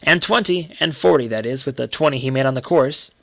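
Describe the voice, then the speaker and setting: A man playing a deferential, secretive groom who speaks respectfully in a hushed, confiding manner. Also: medium pitch, a little fast, creaky, no room sound.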